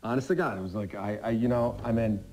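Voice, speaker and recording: A middle-aged man in a reflective interview, speaking haltingly and filling gaps with "you know". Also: fairly low pitch, darkish tone. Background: music.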